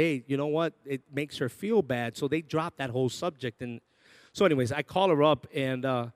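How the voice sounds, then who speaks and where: A man preaches a sermon built around a personal story, swinging between loud bursts and quiet, intimate asides and acting out the voices of people in it. His pitch is fairly high, and the recording is dry.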